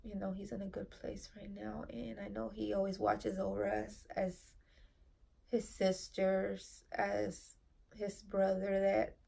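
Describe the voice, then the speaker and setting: A woman in her thirties tells an emotional story in a vlog, near tears, soft-spoken and halting with many fillers. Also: medium pitch, level tone, creaky, husky. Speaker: family vlogger.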